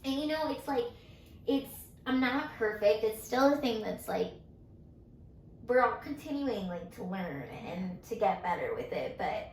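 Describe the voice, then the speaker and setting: A woman's voice: medium pitch, lively intonation, unhurried, reverberant, slight background noise, rough recording. A woman in her twenties co-hosting a casual chat, sharing a personal story with many fillers and growing emotion. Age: 20s. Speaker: co-host. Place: indoors, getting ready with makeup.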